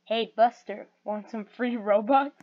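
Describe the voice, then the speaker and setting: A woman's voice: on the high side, fairly even intonation, unhurried, natural voice. A woman voicing a sly, scheming rat con artist who talks in a wheedling, menacing way. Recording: muffled lo-fi recording.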